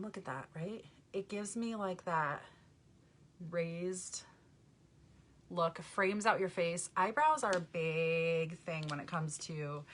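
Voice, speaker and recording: Mom makeup vlogger, live chat, low-pitched but sharp and bright, laughs a lot, greets viewers. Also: female voice.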